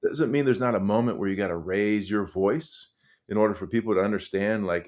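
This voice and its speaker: A middle-aged man speaks as a guest on a podcast, earnest and animated as he tells his stories. He keeps doubling back with fillers and restarts. His voice sits a little low. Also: fairly quick. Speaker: podcast guest, high school coach. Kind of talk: conversational storytelling.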